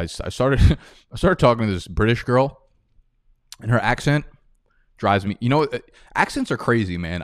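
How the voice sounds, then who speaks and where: A young man with a New York or New Jersey accent giving casual, animated fantasy football analysis, talking quickly and rambling with fillers. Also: on the low side, dry recording, clean studio sound. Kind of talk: casual sports podcast analysis.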